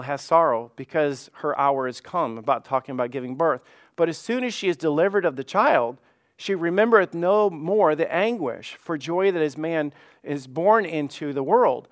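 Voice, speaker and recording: A man preaching a sermon as pastor in a conversational way, often repeating words and acting out quoted voices. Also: on the high side.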